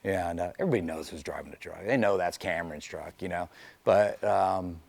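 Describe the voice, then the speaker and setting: A middle-aged man with a low, gravelly voice, a race car driver talking through his stories in relaxed conversation. He rambles easily and leans on "you know" at every turn. The sound is close and dry. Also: a little fast, dry recording. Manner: loose and chatty, full of "you know" fillers. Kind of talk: casual storytelling interview.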